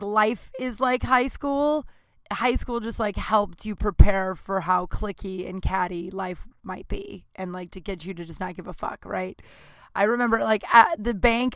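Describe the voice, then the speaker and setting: A woman's voice: medium pitch, fairly bright tone, dry recording. Woman in her thirties, solo podcast host, rambling, candid, swears, dry close mic. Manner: rambling and candid, many fillers, swears, self-deprecating asides. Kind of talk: casual solo podcast monologue.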